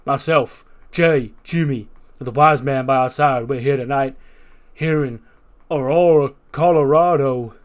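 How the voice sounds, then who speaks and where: A man voicing a brash young male tag team champion who talks in loud, slangy hype. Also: medium pitch, unhurried, close to an everyday voice. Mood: boastful.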